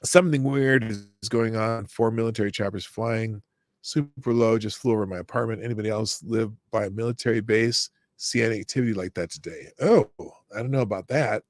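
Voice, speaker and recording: A middle-aged man hosting a live-stream news commentary show, reading stories and chat with sarcasm and breaking into shouted rants. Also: fairly low pitch, steady tone, brisk, no room sound, studio quality.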